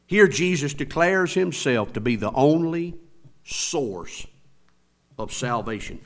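A man's voice: high voice, bright, forceful tone. A man preaching a sermon with an emphatic, rising and falling preaching cadence.

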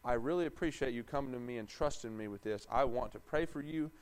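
A man's voice: mid-range voice, quick pace. A man preaching a conversational sermon in a church, asking the congregation rhetorical questions.

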